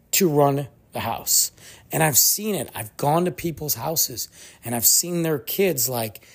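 A gravelly, husky podcast host talking solo. The voice swings widely up and down as it rants through a story, slipping into the voices of the people being quoted. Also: medium pitch. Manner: animated ranting storyteller.

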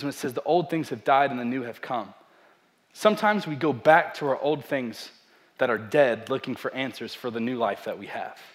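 A young man, a pastor, preaching a sermon with animated storytelling and self-deprecating humor. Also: mid-range voice.

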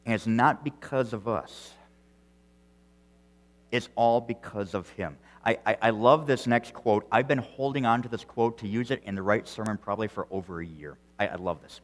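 A male pastor preaching an earnest sermon, repeating words as he goes and swinging between loud emphasis and quiet, soft phrases. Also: fairly low pitch, normal speed, long reverb tail. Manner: earnest preaching with frequent restarts and strong swings in loudness.

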